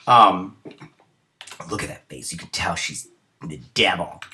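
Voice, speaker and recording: A young man hosts a casual episode review and retells each scene in loose, rambling chatter full of ums and uhs. His voice sits fairly low, yet its tone is bright and forward. He sounds a bit tired, as it's early in the morning. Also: a little slow, slight background noise. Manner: rambling retelling with many fillers.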